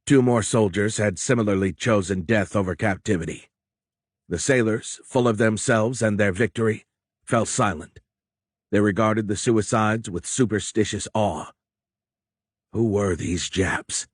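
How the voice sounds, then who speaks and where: A male narrator reads a war novel in a measured, steady storytelling manner. His voice sits fairly low, and the studio recording is close and completely dry. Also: no echo. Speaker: audiobook narrator. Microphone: close studio mic.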